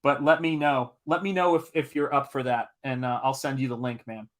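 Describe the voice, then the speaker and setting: A Tennessee man from the Southern US hosts a live stream, chatting casually and telling a lively, emphatic story, sometimes swearing when he gets worked up. He's a comic artist who reads chat comments aloud, and his mid-range voice moves a little fast.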